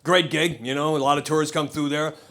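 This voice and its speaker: A middle-aged American man tells a stand-up story from a comedy club stage. His voice sits high for a man, and he rambles and restarts on his way to the punchline. His delivery is blunt and unfiltered. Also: steady tone, a little fast, sharp tone. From United States. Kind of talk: stand-up set.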